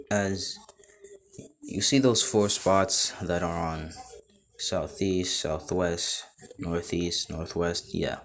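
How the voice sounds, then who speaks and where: A man's voice: low voice, slight background noise. A man improvising a fan fiction story, rambling in run-on sentences strung together with "as".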